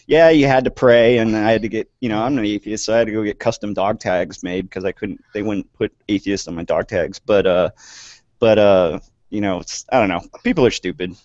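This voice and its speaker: A man's voice: on the low side, a little fast, darkish tone, dry recording. An American man, a military veteran, chatting as a guest on an online radio show in a rambling, frank way. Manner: rambling, frank, laughing easily. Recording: dull lo-fi online call.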